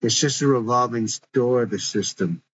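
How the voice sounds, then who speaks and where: A man's voice: mid-range voice, moderate pace, a bit bright, a little hiss or hum, close to an everyday voice. A man voicing a tough, distrustful teenage girl who talks bluntly and with slang, in a dull lo-fi recording.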